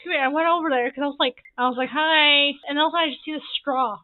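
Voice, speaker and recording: A woman in her early twenties telling rambling sibling stories over gameplay, repeating herself and adding quick asides. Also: high voice. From Canada. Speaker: gaming YouTuber. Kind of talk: casual storytime over gameplay. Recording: tinny phone-like audio.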